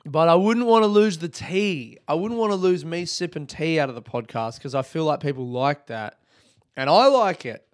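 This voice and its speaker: A man's voice: fairly high pitch, moderate pace, few pauses, dry recording, clean studio sound. A young Australian man hosting a casual solo podcast, rambling upbeat and swearing freely. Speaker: podcast host.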